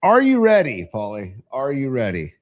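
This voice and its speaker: A man's voice: mid-range voice, huge pitch swings, normal speed, no room sound, studio quality. A man co-hosting a sports podcast, teasing his partner in a playful way during casual chat. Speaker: podcast co-host.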